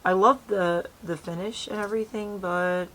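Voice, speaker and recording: A woman's voice: medium pitch, steady tone, normal speed, fairly bright tone, a little hiss or hum. Chatty woman vlogging her makeup outdoors. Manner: chatty, bubbly, talks to viewers while doing makeup. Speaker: beauty vlogger. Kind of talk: casual makeup tutorial chat. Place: outdoors, breezy natural light.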